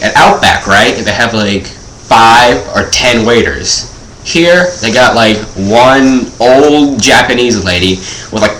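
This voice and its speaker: A man's voice: mid-range voice, fairly bright tone, a little hiss or hum. A teenage boy doing a rambling comedic monologue, filling nearly every phrase with "like.". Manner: rambling, filler-heavy, says "like" constantly. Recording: echoey room.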